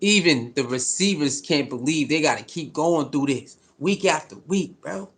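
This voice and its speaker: A fired-up man rants about his football team, cursing and repeating himself to drive his points home. His voice sits high and swoops around constantly. He sounds like a commentator who is fed up. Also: animated, normal speed, fairly bright tone. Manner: fired-up, profane, repetitive. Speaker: sports commentator. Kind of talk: heated sports commentary rant.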